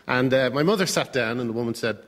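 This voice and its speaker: A man's voice: medium pitch, animated, quick pace. A man as a guest on a radio comedy panel show, telling anecdotes in a dry, hesitant way.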